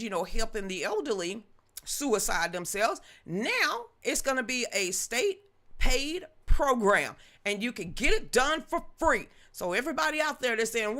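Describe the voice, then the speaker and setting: A woman hosting an unscripted political live stream, talking in a sassy, animated and mocking way, greeting chat viewers by name. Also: mid-range voice.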